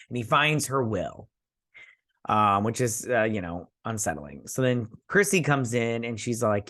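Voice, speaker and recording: A man's voice: on the low side, expressive, a little slow, fairly bright tone. A man hosting a casual recap and review of a TV episode, rambling with lots of fillers and acting out the characters' lines.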